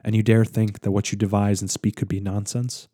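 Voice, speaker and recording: Soul spirit, stern and ageless, read by a man: low, even delivery, dry close sound. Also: a little fast, no echo, close to an everyday voice. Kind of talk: dramatic reading aloud.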